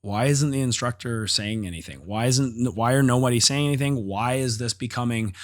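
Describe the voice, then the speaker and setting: A man's voice: medium pitch, normal speed. Blunt, profane man telling a story. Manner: blunt and profane, acts out quotes with rising intensity. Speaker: podcast host and jiu-jitsu instructor. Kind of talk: casual solo podcast storytelling.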